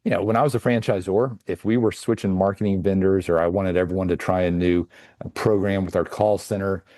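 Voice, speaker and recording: A man talking as a franchise consultant guest on a podcast, giving measured advice. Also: deep voice, steady tone, a little mellow, no room sound. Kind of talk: podcast interview.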